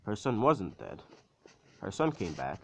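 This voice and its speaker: Low-voiced man rambling through a story. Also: huge pitch swings, measured pace, gravelly, a bit bright, a little hiss or hum, low-quality recording. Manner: rambling, full of "like" and "basically". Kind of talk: casual fan-fiction retelling.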